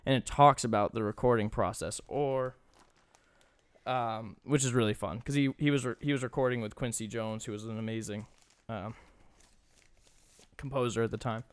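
A young man co-hosting a casual podcast, talking with loose enthusiasm and swearing freely. His voice is smooth and clear, recorded dry and close. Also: mid-range voice, steady tone, moderate pace, long pauses, dry recording. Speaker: podcast co-host. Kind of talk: casual chat.

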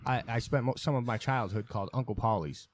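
A man co-hosting a podcast, telling animated stories in casual chat. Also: medium pitch. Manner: quick, animated storytelling. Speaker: podcast co-host.

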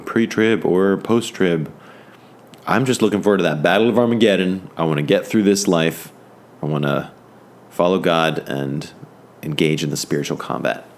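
A man's voice: sits low, a little hiss or hum. A man giving an informal, fervent Bible lesson. He rambles, stopping and restarting with many fillers. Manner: fervent, enthusiastic. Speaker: Bible teacher.

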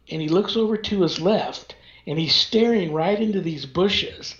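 A man's voice: fairly high pitch, unhurried. A man telling a long story in casual conversation, acting out the voices of the people in it as he goes. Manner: animated storyteller, acts out quoted dialogue. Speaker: paranormal investigator guest. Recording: echoey lo-fi remote audio.

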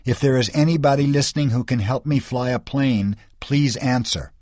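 A man's voice: mid-range voice, normal speed, darkish tone, dry recording, studio quality, close to an everyday voice. A man voicing a terrified thirteen-year-old boy stranded in a plane, pleading for help in an audiobook. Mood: desperate. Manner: pleading, voice cracking with panic. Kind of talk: audiobook character voice.

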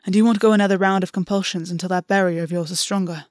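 A woman's voice: on the low side, fairly even intonation, quick pace, darkish tone, dry recording, lightly acted. Woman reading a male fae lord, commanding, stern, insistent, dry sound. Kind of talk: audiobook reading.

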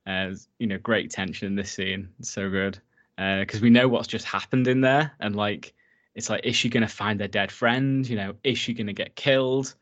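A man's voice: on the low side, normal speed, highs cut off. A man casually recapping a horror film for his co-host, enthusiastic and swearing freely. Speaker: podcast co-host.

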